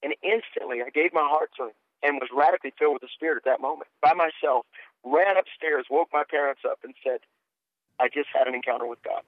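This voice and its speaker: A man's voice: fairly high pitch, fast talker, dry recording. Middle-aged guy telling his story earnest over a thin phone line, dry, stammery restarts. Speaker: guest minister and author. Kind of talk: testimony in a radio interview.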